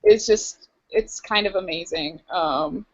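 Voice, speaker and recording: A woman's voice: lowish voice, wildly swooping pitch, slow pace, gravelly, lo-fi sound. A young woman co-hosting a podcast in a casual, chatty, giggly way. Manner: chatty and giggly, full of fillers. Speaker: podcast co-host. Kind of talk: casual chat.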